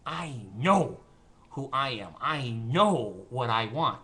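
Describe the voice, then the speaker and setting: An older man holds forth alone in front of his camera, drifting from story to opinion with a sardonic laugh. His voice is bright and forceful, at a middling pitch for a man. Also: lively intonation, slow pace. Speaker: vlogger. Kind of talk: casual monologue to camera. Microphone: camera mic.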